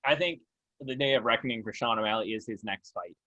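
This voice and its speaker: A man's voice: medium pitch, quick pace, sharp tone, lo-fi sound. A man co-hosting a casual podcast, joking and playful, who often laughs at his own bits. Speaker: podcast co-host. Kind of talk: casual chat about MMA.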